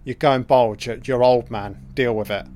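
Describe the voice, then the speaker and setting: A man giving a casual, profane watch-along commentary on a film, reacting out loud to what is on screen. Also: mid-range voice, fairly even intonation, moderate pace, slight background noise.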